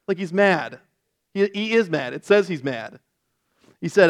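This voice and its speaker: A man's voice: fairly high pitch, very animated, moderate pace. A male pastor teaching through a Bible passage in a sermon, explaining the text and acting out quoted lines with feeling.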